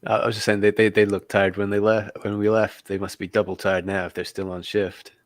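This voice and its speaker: Flat, deep-voiced man rambling. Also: brisk, dry recording, clean studio sound. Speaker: player.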